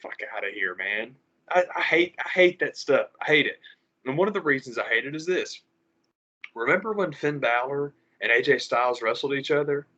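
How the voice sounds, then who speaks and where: A man's voice: mid-range voice, moderate pace. Ranting podcast guy, lo-fi. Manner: animated, profane ranting with mocking quoted voices. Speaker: podcast co-host. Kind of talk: casual podcast chat. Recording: slightly dull lo-fi audio.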